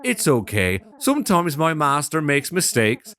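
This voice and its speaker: A man's voice: fairly high pitch, huge pitch swings, measured pace, fairly bright tone, heavily acted. A man voicing a cheeky, faintly sinister magical boy doll with a put-on Irish accent.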